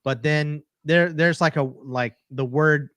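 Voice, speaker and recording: A man's voice: a little high, steady tone, fairly bright tone, no room sound. A man with a light Texan accent, chatting casually on a podcast in an easygoing way with plenty of fillers. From Texas. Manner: easygoing, many fillers and pauses.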